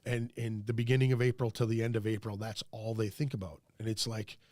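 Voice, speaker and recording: A man's voice: lowish voice, flat delivery, fast, darkish tone, dry recording, studio quality. A man from the United States hosting a podcast, asking questions in a rambling way, full of fillers. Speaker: podcast host. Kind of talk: casual podcast interview.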